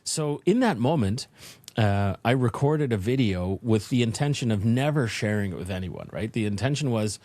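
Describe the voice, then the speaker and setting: A man guest on a business podcast, telling a personal story in an animated way and acting out the voices in his head. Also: on the low side, normal speed, no echo. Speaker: podcast guest, leadership consultant. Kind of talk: interview storytelling.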